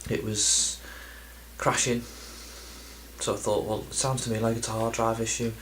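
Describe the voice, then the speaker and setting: A man's voice: on the low side, flat delivery, moderate pace, fairly bright tone, slight background noise, poor audio. A man chatting in a casual vlog, rambling and self-deprecating, with plenty of ums and restarts. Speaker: video game collector vlogger.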